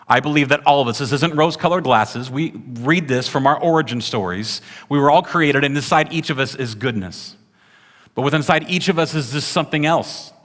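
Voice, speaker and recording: In a big-sounding room, a pastor with a medium-pitched, fairly bright voice delivers a sermon conversationally to his congregation. He engages the room and keeps asking "right?"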